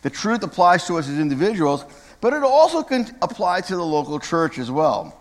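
A man's voice: fairly high pitch, sing-song, normal speed, big-room sound. A man giving a conversational sermon from the pulpit of a church, sometimes correcting himself and speaking directly to the congregation. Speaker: pastor. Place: church sanctuary.

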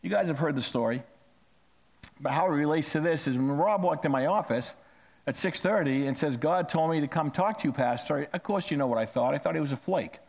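A middle-aged male pastor delivering a sermon in a conversational storytelling way, dropping to hushed asides and rising on emphatic phrases. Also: on the high side, a little fast, vocal fry.

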